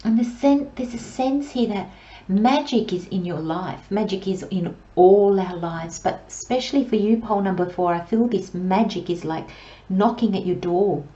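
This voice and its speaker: A woman giving a pick-a-card tarot reading in a slow, gentle, soothing way, with long pauses and soft near-whispers. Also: mid-range voice, roomy sound, muffled recording. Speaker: tarot reader.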